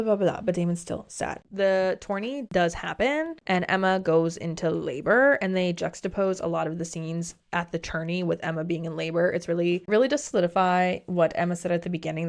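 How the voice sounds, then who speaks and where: A woman with a slightly low voice and lots of vocal fry talks in a loose, rambling way. Her recap is full of fillers and dramatic asides. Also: a little mellow. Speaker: recap vlogger. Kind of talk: casual chatty recap.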